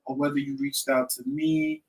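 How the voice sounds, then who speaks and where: A man's voice: mid-range voice, moderate pace, creaky, distant mic, poor audio. A man in his fifties hosting a vlog, telling a story casually and acting out the other people's lines as he goes. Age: 50s. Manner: animated storyteller who acts out quoted dialogue. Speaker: vlog host.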